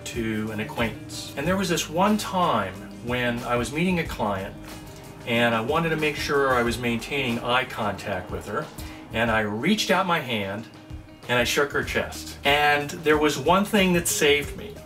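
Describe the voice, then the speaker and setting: A man telling an embarrassing personal anecdote in a measured, sheepish way. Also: mid-range voice, animated. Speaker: storyteller. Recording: distant mic with music bed.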